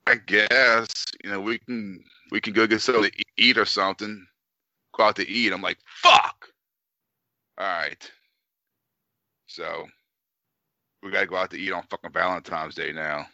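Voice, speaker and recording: A deep-voiced podcast co-host tells casual stories at a normal speed with long pauses, swearing constantly and animatedly acting out what people said. The recording has no room sound and the highs are cut off.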